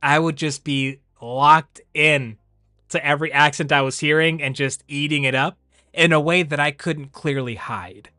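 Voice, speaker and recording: A man chatting casually on a livestream, rambling and animated, often laughing. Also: fairly high pitch, moderate pace, clean tone, no echo, clean studio sound. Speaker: streamer.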